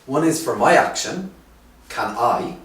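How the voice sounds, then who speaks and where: A man teaching an English lesson, speaking slowly and clearly with emphasis on key phrases. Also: medium pitch, expressive, a bit bright, distant mic. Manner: slow, clear, drawn-out teaching with rising emphasis. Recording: roomy echo, voice from off the mic.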